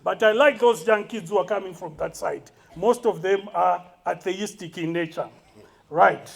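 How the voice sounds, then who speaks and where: Man speaker, higher voice, blunt and combative public talk. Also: normal speed, gravelly. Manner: blunt and provocative, argumentative. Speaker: conference speaker. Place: university conference hall.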